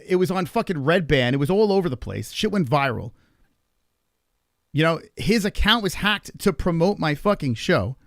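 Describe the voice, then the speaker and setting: A man hosting a livestream, telling a behind-the-scenes story in a casual, animated, profane ramble full of fillers. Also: on the high side, moderate pace, no room sound, studio quality. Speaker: livestream host. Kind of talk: casual storytelling to a live chat.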